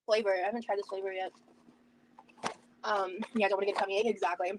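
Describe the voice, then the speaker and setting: A woman's voice: mid-range voice, fairly even intonation, fast talker, slight background noise, poor audio. A woman livestreaming, out of breath and rambling casually while reading chat aloud.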